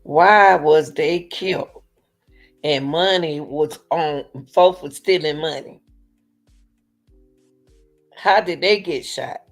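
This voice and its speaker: Female commentary host, slow and emphatic, casual viewer-facing chat. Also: sits low, soft background music. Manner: slow, emphatic, laughing asides, talks to viewers.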